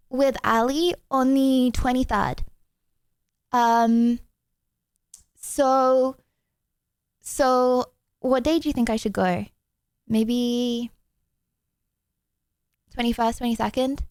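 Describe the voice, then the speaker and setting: A woman streamer chatting casually with viewers, excitable and rambling, often apologizing. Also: high voice, slow pace, pauses often, smooth, no echo.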